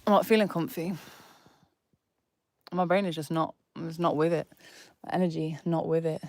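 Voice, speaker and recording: A woman's voice: deep voice, fairly even intonation, moderate pace, darkish tone, no room sound. A woman in casual livestream chat from her bedroom, blunt and self-critical, swearing freely. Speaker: livestreamer and rapper.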